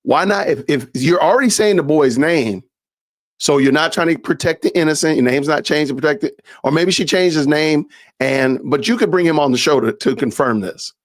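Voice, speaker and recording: Brief: man streamer, slightly high voice, incredulous reaction commentary, dry sound. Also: normal speed, dry recording. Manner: incredulous, laughing, folksy asides.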